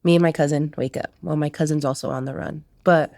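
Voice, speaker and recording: A woman's voice: deep voice, steady tone, fairly quick, darkish tone, dry recording, studio quality. A woman, a podcast guest, casually telling her life story in a candid interview and acting out what others said.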